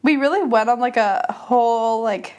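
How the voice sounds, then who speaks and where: Chatty young woman, a bit high. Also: moderate pace, darkish tone. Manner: chatty, keeps saying "you know what I mean". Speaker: podcast co-host. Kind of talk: casual chat.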